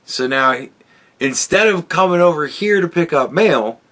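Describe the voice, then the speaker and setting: A man's voice: a little high, animated, moderate pace, fairly bright tone. A man hosting a podcast, telling a rambling, profane story in a casual monologue. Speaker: podcast host.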